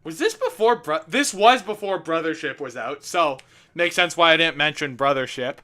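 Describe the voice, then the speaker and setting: Lively high-voiced young man, laughing. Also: normal speed. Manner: animated, laughing, swearing, self-mocking. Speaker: commentary host. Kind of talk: director's commentary on own gameplay video.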